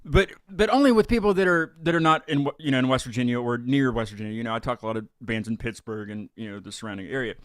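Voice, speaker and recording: A man's voice: mid-range voice, fast talker, few pauses, no echo, studio quality. A man hosting a live music talk show, chatting casually and rambling with frequent restarts and fillers. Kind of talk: casual live-stream chat.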